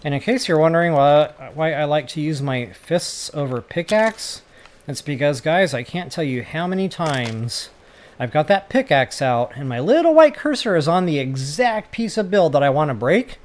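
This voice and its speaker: A man giving casual gameplay commentary for a building tutorial, chatty and self-mocking as he thinks out loud. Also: fairly high pitch, lively intonation, moderate pace. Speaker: gaming tutorial creator.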